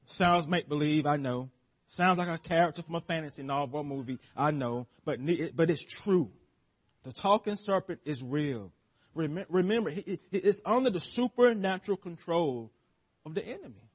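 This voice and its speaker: A man's voice: on the high side, normal speed, husky. A man preaching a sermon as pastor, stressing key words, repeating phrases for emphasis and often restarting words.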